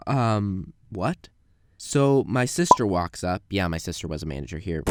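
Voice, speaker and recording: A man's voice: animated, measured pace, over loud music. Young man telling a comic story. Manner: acts out quoted customers with jumps in pitch. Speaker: animated storyteller. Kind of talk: comedic storytime narration.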